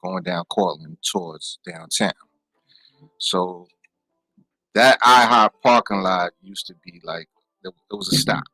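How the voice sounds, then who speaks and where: Casting: lively man, bright tone, storyteller who does voices for his friends. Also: low voice, a little slow, gravelly, pauses often, no room sound, low-quality recording. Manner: animated, acts out friends' lines in a raised voice. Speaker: guest. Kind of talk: casual storytelling on radio. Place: radio studio.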